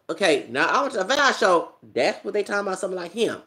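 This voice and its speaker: A man's voice: high-pitched, very animated, quick pace, pushed and bright. Man delivering a loose, profane vlog rant with many fillers and repetitions. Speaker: YouTube commentator. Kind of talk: ranting commentary vlog.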